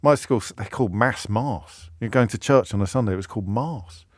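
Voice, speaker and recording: Rambling radio host, dry studio sound. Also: male voice, lowish voice, rapid-fire, no room sound. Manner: rambling, self-interrupting, animated storytelling. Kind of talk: talk radio monologue and call. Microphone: studio microphone.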